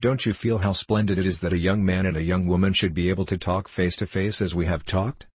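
Guy reading a proud cool young woman, gently scolding, low husky voice. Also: fairly even intonation, brisk, dry recording. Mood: reproving.

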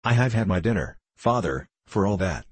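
A man voicing a bright young woman who speaks gently and affectionately to her father. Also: deep voice, expressive, normal speed, breathy edge, no room sound.

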